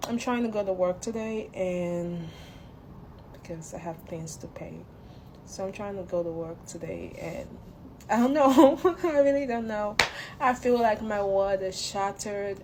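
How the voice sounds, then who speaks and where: A woman in a tearful vlog confession, holding back tears and talking haltingly with shaky laughs. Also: medium pitch, background noise. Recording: clear background ambience.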